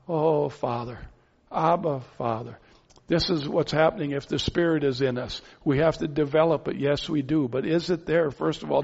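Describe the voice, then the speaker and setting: Male preacher, slightly high voice, earnest and pleading, muffled sound in a big echoing hall. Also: gravelly, darkish tone. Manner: earnest, pleading, with rhetorical questions. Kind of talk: sermon. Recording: dull sound with long hall reverb.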